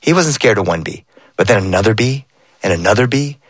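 A middle-aged man telling a family story aloud, playful and animated, slipping in sayings and voices. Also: on the low side, brisk, no echo. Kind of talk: oral storytelling.

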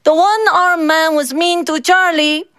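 A woman voicing a shy little girl with a soft, squeaky voice in a spoken story. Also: steady tone, measured pace, no echo, clean studio sound, full character voice. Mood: tattling.

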